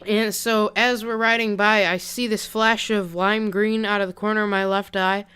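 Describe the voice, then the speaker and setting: A man's voice: sits high, flat delivery, normal speed, bright, forceful tone, clear, resonant tone. A young man casually telling a story on his vlog, rambling and chatty with lots of "like", into a pop-filtered desk mic. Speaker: vlogger.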